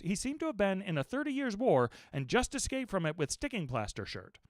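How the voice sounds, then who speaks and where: A man reading a classic novel aloud as an expressive, animated audiobook narrator. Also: fairly high pitch, fairly quick, hardly any pauses, no room sound, studio quality.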